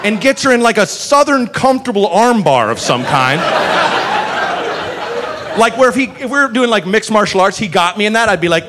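Animated male stand-up comic, high and lively. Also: normal speed, very noisy. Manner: animated, profane, acts out characters mid-story. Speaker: stand-up comedian. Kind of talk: stand-up comedy storytelling. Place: comedy club stage with live audience.

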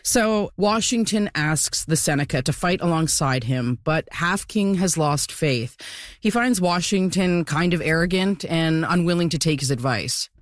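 A woman's voice: lowish voice, expressive, a little slow, no echo. Woman explaining history, dry close sound. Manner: explanatory, with fillers. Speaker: podcast co-host. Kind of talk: casual history podcast narration.

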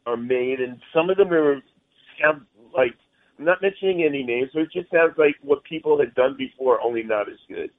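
Guest musician, male, chatty and rambling, mid-pitched, tinny phone audio. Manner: rambling, friendly, says "man" often. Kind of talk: phone interview chat.

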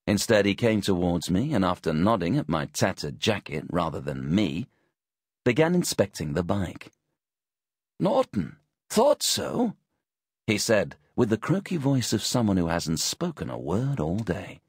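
Husky, wry male audiobook narrator. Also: low voice, expressive, dry recording, clean studio sound. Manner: wry, measured storytelling. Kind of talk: first-person scripted narration.

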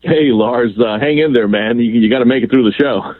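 A man calling in as a journalist guest on a radio show, talking emphatically and quickly with fillers. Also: mid-range voice, dry recording. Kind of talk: phone-in radio interview. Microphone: phone. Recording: tinny phone line.

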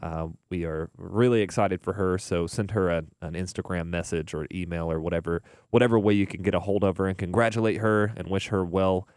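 A young man with a very low voice hosts a radio music show, talking in a loose, rambling way with plenty of filler words. He sounds close and dry, recorded on a studio mic with no room sound. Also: fairly quick, hardly any pauses, clean tone, no echo. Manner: relaxed, rambling, filler-heavy. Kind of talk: casual radio DJ chat.

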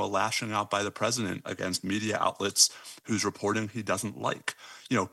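A man giving measured, explanatory legal analysis as a guest in a radio news interview. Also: lowish voice, gravelly, pushed and bright, dry recording.

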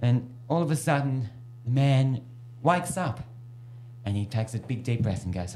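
A man's voice: mid-range voice, expressive, unhurried, a little mellow, slight background noise. Playful male radio host. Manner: playful, giggly storyteller. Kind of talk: casual radio chat and joke telling.

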